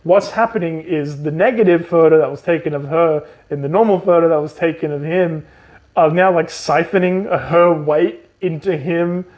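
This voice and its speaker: A man's voice: a little high, moderate pace, muffled recording. A man co-hosting a podcast, giving a sarcastic, profane recap of a book and laughing often at the plot. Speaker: podcast co-host. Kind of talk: comedic book recap chat.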